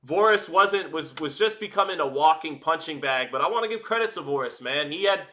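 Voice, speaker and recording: A man calling a boxing fight live, chatty and energetic, hosting a watch-party stream and often restarting his phrases. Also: on the high side, brisk. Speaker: boxing commentator and stream host. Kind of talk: live round-by-round fight commentary.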